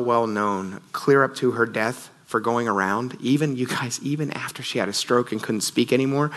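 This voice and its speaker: Bright-voiced man preaching a sermon. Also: medium pitch. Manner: earnest storytelling, often says "you guys". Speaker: pastor.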